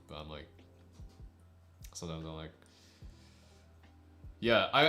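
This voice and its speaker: A man's voice: deep voice, bright, forceful tone, roomy sound. A young man chatting casually with his livestream viewers, rambling and laughing often. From United States. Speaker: streamer.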